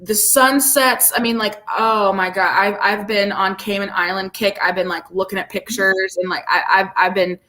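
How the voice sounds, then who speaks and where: A woman co-hosting a podcast in casual chat, bubbly and gushing, often repeating herself when excited. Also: mid-range voice, normal speed, few pauses. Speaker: podcast co-host.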